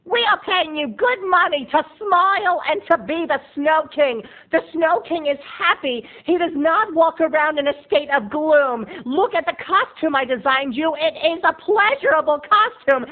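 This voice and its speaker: A shrill costume designer woman, acted out by a man, scolding in clipped, shrieking bursts. The voice is pushed up high and loud. The sound is thin and tinny, like a phone line. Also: animated, normal speed, hardly any pauses.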